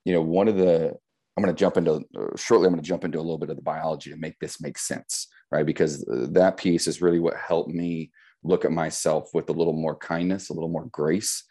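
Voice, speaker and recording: Deep, mellow man explaining steadily. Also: fairly even intonation, a little fast. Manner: reflective, explains with metaphors, frequent "right?" tags. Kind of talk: casual conversational podcast.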